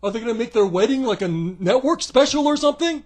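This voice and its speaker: Male vlogger, very high voice, mocking comedic rant with bursts of shouting. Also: expressive, fast. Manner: sarcastic, profane and mocking; often breaks into shouting. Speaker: wrestling commentary vlogger.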